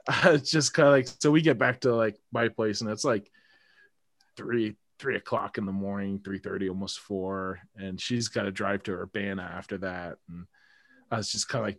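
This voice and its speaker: A man's voice: fairly low pitch, brisk, fairly bright tone, no room sound, studio quality. A man telling a story in a casual podcast chat, laughing often and mimicking the people he quotes.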